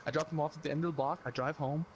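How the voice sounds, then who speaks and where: A young podcast co-host tells a story in a casual, animated way and acts out the lines of the people in it. His voice sits slightly high for a man. A faint hiss of noise runs under the recording. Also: very fast. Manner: animated, acts out quotes, laughs while telling.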